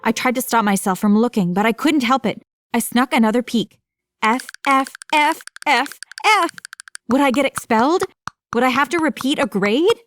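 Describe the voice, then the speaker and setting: Dramatic, higher-voiced woman storyteller. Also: moderate pace, a bit bright, a little hiss or hum. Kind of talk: first-person animated story narration.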